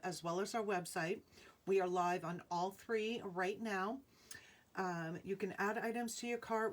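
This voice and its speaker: A woman with a Rhode Island accent hosting a live jewelry sale from home, chatty, greeting viewers by name and laughing often. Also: medium pitch. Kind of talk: casual live-stream selling chat.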